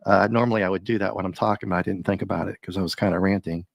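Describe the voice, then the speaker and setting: A man hosting a live stream, chatting and ranting casually with viewers, his voice a little rough and often breaking into laughs. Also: deep voice, steady tone, rapid-fire, no echo. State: slightly rough voice. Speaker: livestream host.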